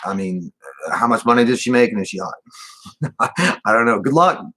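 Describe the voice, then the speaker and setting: A man co-hosting a casual livestream, trading crude, deadpan jokes. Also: mid-range voice, normal speed. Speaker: co-host.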